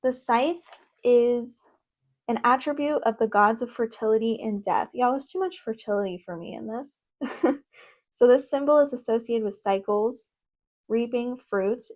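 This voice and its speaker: A young woman with a fairly high voice talks into her own microphone at home, reviewing an oracle deck. She reads card meanings aloud, then breaks into excitable, chatty asides and quick laughs. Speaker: tarot content creator. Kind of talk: casual deck review vlog.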